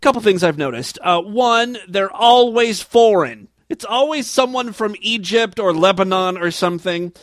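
A man's voice: high voice, animated, moderate pace, few pauses, dry recording, studio quality. A man hosting a comedy show, telling a story in a wry, self-mocking way. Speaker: show host. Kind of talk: comedic monologue.

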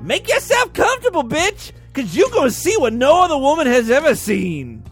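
A man voicing a crude, furious burned-up man who yells and snarls insults. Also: extremely high pitch, huge pitch swings, moderate pace, soft background music, voice pushed up, exaggerated voice. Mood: enraged.

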